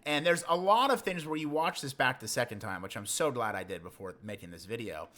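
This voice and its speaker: A man's voice: mid-range voice, lively intonation, a little fast, sharp tone. A man chatting through a movie review while riding a motorcycle outdoors, rambling and self-deprecating. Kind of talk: casual spoken review.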